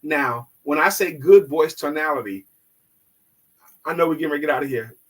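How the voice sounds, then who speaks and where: A man coaching on sales as a guest on a live online show, teaching in an instructive, emphatic way and at times dropping his voice slow and low to demonstrate. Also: poor audio.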